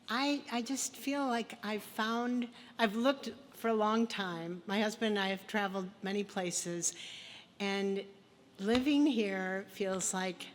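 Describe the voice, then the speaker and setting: A woman giving a short acceptance speech at an award event, grateful and slightly halting. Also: medium pitch. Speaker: award recipient. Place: event hall. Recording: long hall reverb with faint noise.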